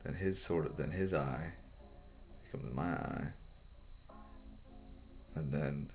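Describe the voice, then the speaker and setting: A man explaining a drawing in a rambling, halting way, swearing often and restarting his sentences. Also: sits low, creaky, a little mellow, slight background noise. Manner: profane, halting, full of restarts.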